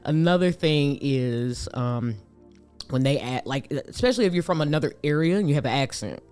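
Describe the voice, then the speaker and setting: A young man from Gary, Indiana, co-hosting a podcast in casual chat, animated and quick to laugh as he acts out other people. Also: on the high side, clear, resonant tone, faint music behind. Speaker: podcast co-host.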